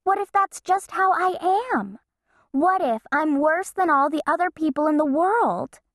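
A woman's voice: high-pitched, animated, unhurried, dry recording, clean studio sound, voice pushed up. A woman voicing a spunky, mischievous little girl in a bouncy, cheeky way. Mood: worried.

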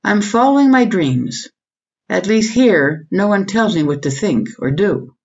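A woman voicing an eager young American woman photographer, a little higher than her narration. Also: expressive, a little slow, darkish tone, dull audio.

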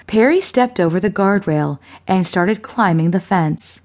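A woman narrating a suspense thriller audiobook in a measured, unhurried reading. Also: fairly low pitch, a little mellow.

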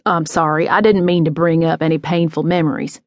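Woman reading as a calm, probing male detective. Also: low voice, fairly quick, no echo, clean studio sound. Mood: coaxing. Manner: gently persistent, sympathetic-sounding.

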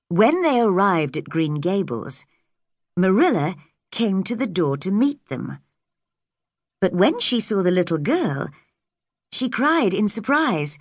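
A woman narrating a simplified storybook audiobook for English learners, clear and measured. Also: medium pitch, very animated, no room sound, clean studio sound. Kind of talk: graded-reader storybook narration.

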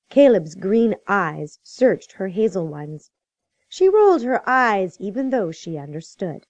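A woman narrating an audiobook in a measured, expressive reading. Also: medium pitch, no echo, muffled recording. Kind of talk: scripted narration.

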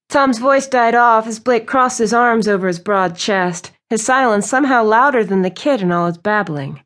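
A woman reading a romance novel aloud as an audiobook narrator, with smooth, even storytelling. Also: on the high side, moderate pace, hardly any pauses. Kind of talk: scripted narration.

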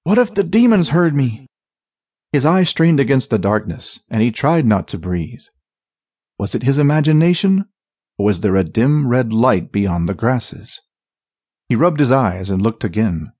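Husky, expressive male audiobook narrator. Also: mid-range voice, unhurried, dry recording, clean studio sound. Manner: dramatic, expressive reading. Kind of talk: scripted fantasy narration.

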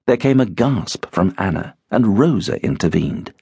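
A man narrating an audiobook in an expressive, measured storytelling manner. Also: low voice, gravelly, husky, dry recording, clean studio sound. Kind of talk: scripted narration.

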